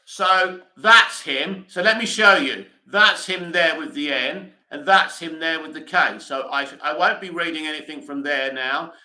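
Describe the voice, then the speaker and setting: A man's voice: a little high, measured pace, few pauses, pushed and bright, roomy sound, rough recording. A British man hosting a live stream, reading comments aloud and answering them bluntly in casual chat.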